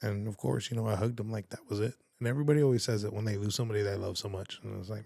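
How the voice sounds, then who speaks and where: A man with a fairly low voice tells an emotional personal story as a podcast guest. He speaks in an earnest, rambling way, acting out what others said to him. The sound is close and dry, with no room echo. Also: fairly even intonation, fast talker, gravelly, dark tone. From San Antonio, Texas. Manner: rambling and earnest, full of "like" and reenacted quotes.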